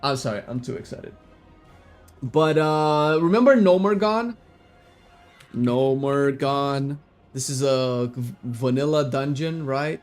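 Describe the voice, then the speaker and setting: A man chatting casually as a gaming streamer, rambling and excitable, swearing loosely and breaking into sudden shouts. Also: mid-range voice, takes it slowly, faint music behind.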